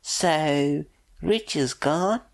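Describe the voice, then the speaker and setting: A man putting on a shrill, brash middle-aged woman. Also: drawn-out words, gravelly, full character voice. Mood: shocked.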